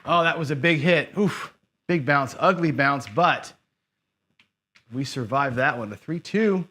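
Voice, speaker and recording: A man's voice: a little high, a little slow, sharp tone. Chatty man streaming a dice game. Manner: chatty, talks to himself and chat viewers. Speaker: craps streamer. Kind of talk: casual live-stream commentary while playing.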